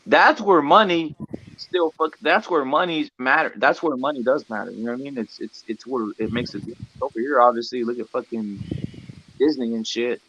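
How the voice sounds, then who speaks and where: A man's voice: medium pitch, brisk, bright, forceful tone, lo-fi sound, slight background noise. A man co-hosting a livestream, talking in a rambling, casual way, full of swearing and "bro". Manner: rambling, heavy swearing, lots of 'bro' and 'dude'. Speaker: livestream co-host. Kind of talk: casual profane chat.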